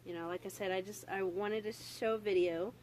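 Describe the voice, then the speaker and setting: A young woman with a Southern US accent, talking candidly in a casual vlog, halting with many fillers and restarts and swearing freely. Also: mid-range voice, steady tone, a little mellow, slight background noise, poor audio. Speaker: vlogger. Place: home room. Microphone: phone on a stand.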